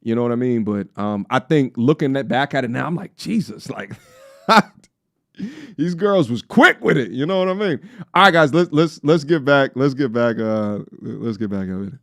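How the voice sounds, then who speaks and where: Slangy Long Island man, lively streamer chat. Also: mid-range voice, moderate pace, creaky, dry recording, studio quality. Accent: faint New York. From Long Island, New York. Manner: loose, joking, slangy, breaks into song. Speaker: streamer reacting to a video. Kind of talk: casual reaction-stream chat.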